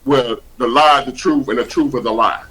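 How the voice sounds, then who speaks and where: A man's voice: mid-range voice, a little fast, a bit bright, rough recording. Blunt, cussing male livestream host. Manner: blunt, preachy and profane, with heavy slang. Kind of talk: casual livestream chat.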